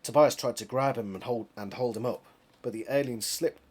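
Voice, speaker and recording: British man, husky, reads a novel aloud with chatty commentary and self-corrections. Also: mid-range voice, fairly quick. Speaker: reader of a book series.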